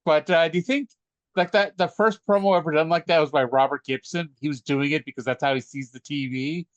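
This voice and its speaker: A man's voice: a little high, fairly even intonation, brisk, dry recording, highs cut off. A man co-hosting a wrestling podcast, joking and rambling in casual chat. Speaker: podcast co-host.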